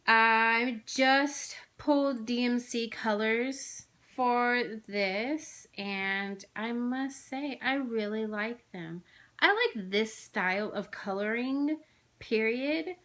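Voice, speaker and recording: A woman's voice: fairly high pitch, takes it slowly, fairly bright tone. A woman, rambling chattily with lots of fillers as she vlogs about her craft haul. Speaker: flosstube vlogger. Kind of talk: casual chatty haul video.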